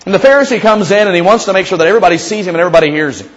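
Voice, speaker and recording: Speaking very fast in a high, fairly bright voice, a man preaches as a pastor over a lo-fi recording. His sermon is conversational and full of storytelling, with frequent acted-out versions of the prayers he cites; he sounds like a young adult or a middle-aged father.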